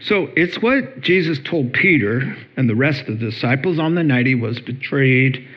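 A man's voice: medium pitch, moderate pace, husky, dull audio. A middle-aged male pastor preaching a sermon, telling stories with humor and acting out little voices. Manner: animated storytelling, acts out voices with playful humor.

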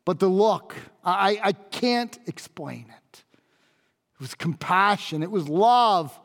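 A man's voice: high-pitched, animated, slow, a bit bright, exaggerated voice. A man performing a dramatic monologue as a Roman centurion, speaking intensely and pleadingly and repeating phrases for emphasis. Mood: solemn, awed. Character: Roman centurion, grave and awestruck. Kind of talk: dramatic first-person monologue. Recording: long reverb of a large hall.

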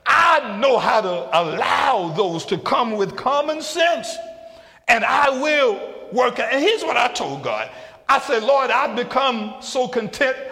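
A man with a very high, gravelly voice preaches a sermon in a slow, deliberate delivery, swelling into emphatic shouts. His tone is bright and forceful. The sound rings with a long hall reverb. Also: very animated. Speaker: pastor.

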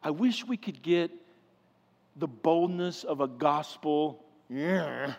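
A man preaching a sermon with passion, swinging from loud pleading to hushed, quiet stretches. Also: on the high side, slow pace, gravelly, highs cut off. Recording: long hall reverb.

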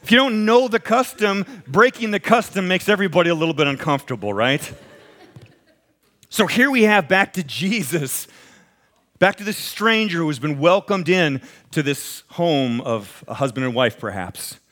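This is a man preaching a sermon. His voice sits high and swings all over the place as he tells stories in a conversational way. He acts out the voices of the people in his stories. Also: moderate pace. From American Midwest. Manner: animated storytelling, acts out quoted voices, chuckles. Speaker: pastor.

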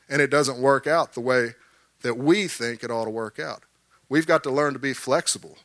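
A man preaching a sermon, animated, repeating words and calling for amens from the congregation. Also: medium pitch, normal speed, dry recording, studio quality.

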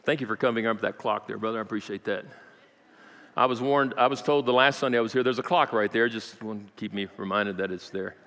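A man's voice: fairly low pitch, fast talker. A man preaching a sermon in a church, telling a story with dramatic rises and joking asides to the congregation. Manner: dramatic storytelling with acted quotes, rising to loud peaks. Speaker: pastor. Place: church sanctuary. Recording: long reverb of a large church.

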